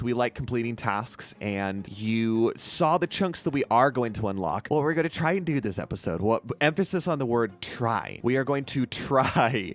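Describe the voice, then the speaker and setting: A man chatting through a video game session as co-host, casual and excitable, laughing often. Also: medium pitch. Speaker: co-host of a gaming series. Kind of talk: casual gameplay commentary.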